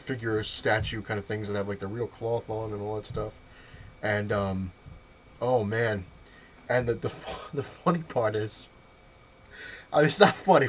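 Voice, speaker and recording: Casual male vlogger, mid-pitched, rambling storyteller who keeps laughing, faint noise behind. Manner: rambling, full of fillers and restarts; laughs often while telling the story.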